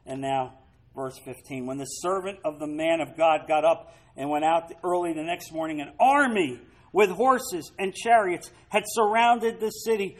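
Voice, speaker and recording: A man's voice: high voice, expressive, moderate pace, low-quality recording. A man preaching a sermon, reading scripture aloud and breaking into dramatic, emphatic asides to the congregation. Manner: dramatic, rising to loud emphatic peaks. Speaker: pastor.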